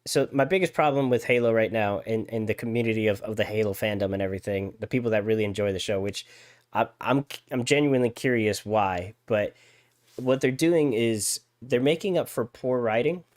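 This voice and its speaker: A man's voice: fairly low pitch, brisk. A man co-hosting a live podcast, ranting in casual chat with many stammered restarts and exaggerated quoted voices. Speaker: podcast co-host.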